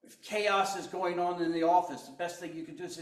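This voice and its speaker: A man preaching a sermon, slow and deliberate, swinging between loud emphasis and hushed tones. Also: a little high, expressive, roomy sound. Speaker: pastor.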